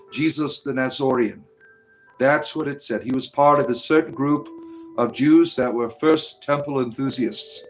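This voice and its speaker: A man's voice: mid-range voice, rough recording. Sarcastic, rambling man with faint music. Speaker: host. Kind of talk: casual livestream chat.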